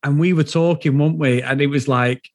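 Man, husky voice, fairly high, dry close sound, eager casual movie chat. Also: a little fast, no room sound. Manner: enthusiastic, animated opinions. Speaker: podcast co-host.

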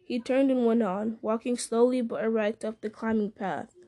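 A woman reads a story aloud at a measured pace, now and then slipping and starting a line over. Her voice sits fairly high, with a mellow, soft-edged tone. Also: steady tone. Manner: measured, with occasional slips and restarts. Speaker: reader. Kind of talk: audiobook-style story reading.

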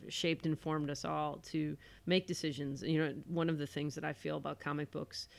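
A woman's voice: low-pitched, little pitch movement, moderate pace, creaky. A woman appearing as a podcast guest in casual chat, speaking in an earnest, heartfelt way. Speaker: podcast guest, veteran filmmaker.

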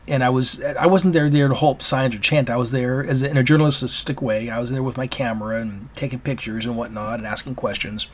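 A man hosting a solo opinion podcast, talking in a rambling, halting way with many restarts. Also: mid-range voice. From Oregon, US. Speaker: podcast host.

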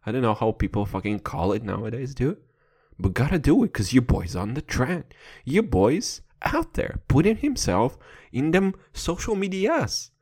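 With a mid-range, husky, slightly mellow voice and big pitch swings, a young man hosts a podcast at a moderate pace. English isn't his first language, and he rambles crudely into a close mic, swearing constantly, joking playfully, and laughing a lot at himself.

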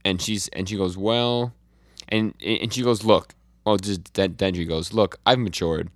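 Low-voiced guy chatting about comics on a podcast, lots of likes and ums, dry sound. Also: normal speed, no echo. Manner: reads out comic dialogue in a flat retelling, with fillers and restarts. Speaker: podcast co-host. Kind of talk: casual chat recapping comics.

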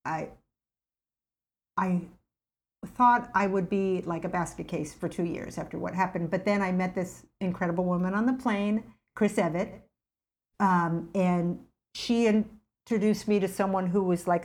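A middle-aged woman casually telling a personal story as a guest, acting out her own past thoughts with lively jumps in pitch. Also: unhurried.

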